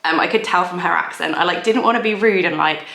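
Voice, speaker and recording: Woman in her thirties, beauty vlogger, low gravelly voice, chatty and self-mocking, echoey room. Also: fast talker, bright, forceful tone. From England. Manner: chatty, giggly, self-deprecating. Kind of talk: casual get-ready-with-me chat.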